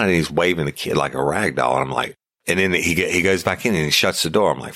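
A man's voice: very deep voice, fast, pushed and bright, no echo. A middle-aged man, a former deputy, bluntly and profanely telling a first-person story about a police call. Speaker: podcast host, former sheriff's deputy.

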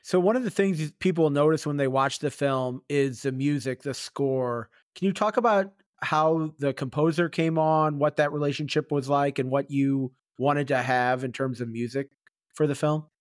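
A man's voice: on the high side, moderate pace, dry recording, clean studio sound. A man hosting a podcast, asking eager follow-up questions. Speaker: podcast host. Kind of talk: interview questions.

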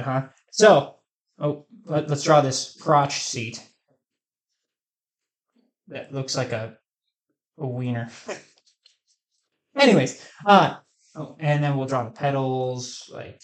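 A man's voice: mid-range voice, very slow, pauses often. A man doing a rambling comic monologue, joking and sarcastic. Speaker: comedic host.

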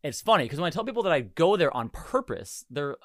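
A man's voice: on the high side, quick pace, no room sound, clean studio sound. A young man in his twenties hosting a podcast, chatting casually and acting out quotes as he tells stories. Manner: animated storytelling, laughing, acting out quotes. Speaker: podcast host. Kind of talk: casual chat.

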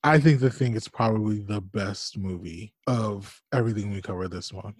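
A man's voice: on the low side, moderate pace, breathy edge, no echo, clean studio sound. A young man co-hosting a podcast about movies, playful and self-deprecating in casual chat. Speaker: podcast co-host.

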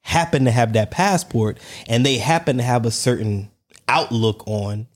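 A man's voice: medium pitch, moderate pace. An American man co-hosting a podcast, explaining his view at length in casual discussion and asking rhetorical questions. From United States. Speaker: podcast co-host.

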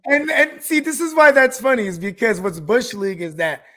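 A man hosting a podcast, telling a story in a profane, animated way and acting out the quotes. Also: very high voice, moderate pace. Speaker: podcast host. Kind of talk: casual podcast chat.

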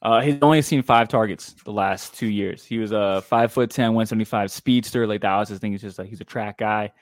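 Offhand low-voiced man on a dry mic. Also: brisk, dry recording. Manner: loose and offhand, lots of fillers, blunt opinions. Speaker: podcast co-host. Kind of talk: casual fantasy football podcast talk.

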